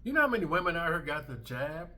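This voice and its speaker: A man's voice: on the high side, sing-song, quick pace, sharp tone. A man in his thirties hosting a commentary vlog, ranting in a brash, emphatic way and swearing freely. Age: 30s. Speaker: commentary channel host.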